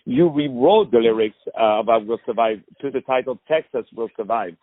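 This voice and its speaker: A man from France with a French accent hosts a radio interview, speaking effusively, full of praise, and halting with fillers. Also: mid-range voice, no room sound. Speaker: radio host. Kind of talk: phone interview. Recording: tinny dry phone line.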